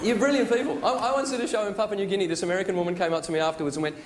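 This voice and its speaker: An Australian awards show host runs through a dry, wry stand-up monologue in a large theatre, his high voice racing along with fairly even intonation. The live stage recording picks up the crowd and noise.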